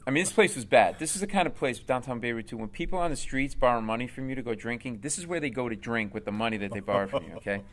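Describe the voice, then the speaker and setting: A man, a comedian, telling a comic story in an interview in an animated way. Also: mid-range voice, racing, hardly any pauses. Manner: animated, acts out voices. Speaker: comedian guest.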